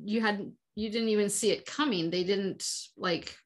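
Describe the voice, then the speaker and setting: A woman's voice: medium pitch, moderate pace. A woman hosting a podcast interview, asking probing, rambling questions. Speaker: podcast host.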